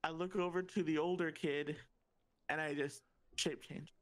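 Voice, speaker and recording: Player at the table, calm and plain-spoken, mid-pitched voice. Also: normal speed. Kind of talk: playing a tabletop game.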